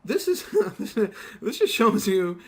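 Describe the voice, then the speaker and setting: Bright, rambling young man gamer. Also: high voice, sing-song, slow pace, breathy edge. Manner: profane, rambling storytelling. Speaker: gaming YouTuber. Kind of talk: casual gameplay commentary.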